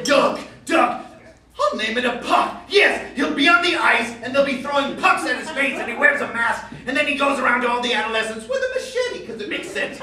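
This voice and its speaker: A man playing an excitable Victorian author on a live stage, rambling, repeating "yes, yes" and bursting into theatrical shouts. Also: very high voice, a little hiss or hum, exaggerated voice. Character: excitable Victorian male author pitching odd stories. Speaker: sketch comedy actor. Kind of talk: live stage sketch comedy. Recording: echoey theater, distant mic, audience laughter.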